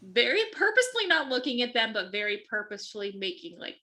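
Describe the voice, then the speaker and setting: A woman at a gaming table speaks with a bright, crisp voice. She describes her character's moves and asks the game master questions in an animated, engaged way. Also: on the high side, fast, low-quality recording. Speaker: player.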